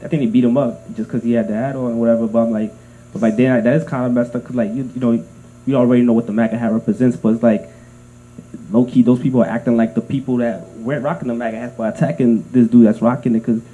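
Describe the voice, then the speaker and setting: Male co-host, rapid and very mellow, filler-heavy casual chat over a faint hum. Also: medium pitch, fairly even intonation. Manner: rapid talk with many fillers. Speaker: podcast co-host.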